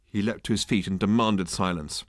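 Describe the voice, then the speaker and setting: A British man narrating an audiobook in a dry, lively comic manner. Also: lowish voice, normal speed, dry recording. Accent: British English. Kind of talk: audiobook reading.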